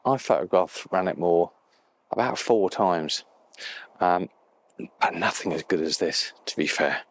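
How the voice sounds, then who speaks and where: A deep-voiced man out on an open moor, talking his camera through a landscape shot. He sounds quietly delighted and sometimes drops almost to a whisper, close to his mic in the still outdoor air. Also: measured pace, slight background noise. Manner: enthusiastic, softly spoken, at times whispering. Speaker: landscape photographer. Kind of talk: outdoor photography vlog. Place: outdoors beside a loch on a moor.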